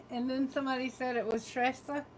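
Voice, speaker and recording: A woman's voice: high voice, fairly even intonation, normal speed, slight background noise, rough recording. A woman with a Southern American drawl, reading tarot on a live stream from her phone, chatty and laughing often as she greets viewers. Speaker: tarot reader.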